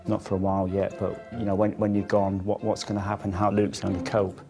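A man in his fifties with a low, gravelly voice, speaking in a flat, measured and reflective way. Music plays under his interview. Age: 50s. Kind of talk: documentary interview.

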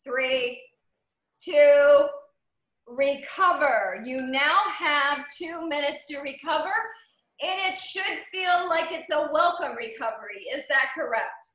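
A woman leads an online cycling class with a high, bright voice, cheering riders on by name and counting down each interval. She sounds roomy and echoey, as if she is coaching through a video call. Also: unhurried. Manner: upbeat, encouraging, calls out riders by name; counts down seconds and cadence. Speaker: cycling instructor.

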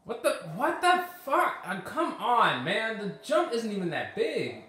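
A bright, high-voiced man narrates his own gameplay in a lively, swinging tone, swearing and shouting at the game in frustration. His voice rings in a very echoey room while game music plays faintly underneath. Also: a little slow, a little hiss or hum. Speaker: gaming YouTuber. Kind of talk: let's play commentary.

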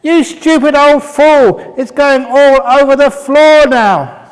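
A man voicing an arrogant male professor who loses his temper and shouts indignantly, heard in the long reverb of a meditation hall. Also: very high voice, slow, voice pushed up. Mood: furious.

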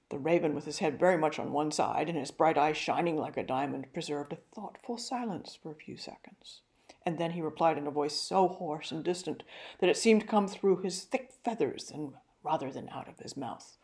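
An older woman giving a carefully read, measured talk on a novel. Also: deep voice, a little mellow. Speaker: literary talk presenter.

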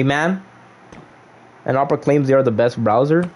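A young man livestreaming a game, in casual commentary full of slang and banter, swinging from loud teasing outbursts to mock-solemn murmurs. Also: medium pitch, moderate pace, pauses often, a little hiss or hum. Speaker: gaming livestreamer.

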